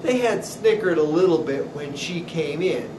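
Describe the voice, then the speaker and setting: A man who owns a deli, telling funny stories about his customers in an animated way. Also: a little high, normal speed, distant mic. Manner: animated storyteller acting out customers. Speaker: deli owner. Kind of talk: storytelling. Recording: roomy echo with clear noise.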